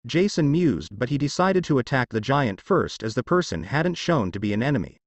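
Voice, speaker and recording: A man narrating an action fan fiction story in an expressive storytelling manner. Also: mid-range voice, fairly quick, no room sound.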